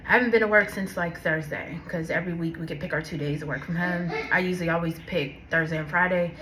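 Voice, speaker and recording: A woman's voice: sits low, noisy background. A young woman with a sore throat telling a casual storytime vlog, chatty and talking straight to her viewers. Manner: chatty, addresses viewers as y'all. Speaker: vlogger.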